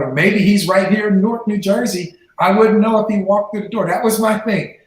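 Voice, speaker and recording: A former professional football player in his forties, guesting on a podcast, recounts his life at a moderate pace and performs the voices in the dialogue he quotes. His voice sits high, in an echoey room.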